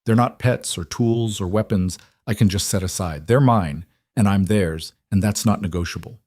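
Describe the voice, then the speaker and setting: A man's voice: lowish voice, normal speed, darkish tone, dry recording, clean studio sound, natural voice. A man voicing a defiant young female wolf-shifter leader in an audiobook, level and firm. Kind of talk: audiobook character reading.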